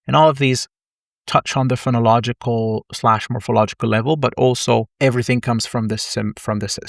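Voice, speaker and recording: A man's voice: medium pitch, no room sound. Man explaining syntax in a dry recording. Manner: explanatory, self-correcting, wry asides. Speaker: linguistics lecturer. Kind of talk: online syntax lesson.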